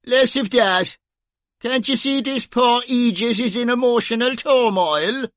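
A man's voice: very high-pitched, unhurried, fairly bright tone, no echo, pitched above the performer's own voice. A man with an Irish accent voicing a wry, teasing Dublin police officer who talks in dry, sardonic banter.

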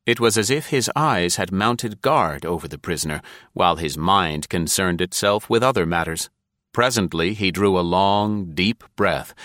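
A man narrating a story in an even, deliberate manner. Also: deep voice, no room sound, clean studio sound. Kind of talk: scripted audiobook narration.

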